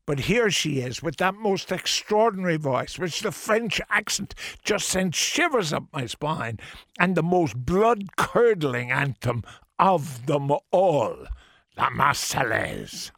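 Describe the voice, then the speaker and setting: A man's voice: a little high, big pitch swings, slow pace, vocal fry, fairly bright tone, dry recording. An older man hosting a radio show in a studio, chatting in a rambling, playful way with theatrical outbursts. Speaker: radio host. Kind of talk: casual radio chat. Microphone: studio microphone.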